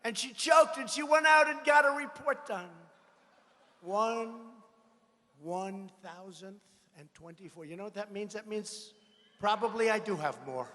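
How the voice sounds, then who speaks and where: Boastful man shouting at a rally. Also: high-pitched, lively intonation, unhurried. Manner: boastful, mocking, repetitive phrasing; frequent shouted lines to a crowd. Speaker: politician addressing a rally. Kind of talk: campaign rally speech. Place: large rally venue. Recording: long reverb of a large venue.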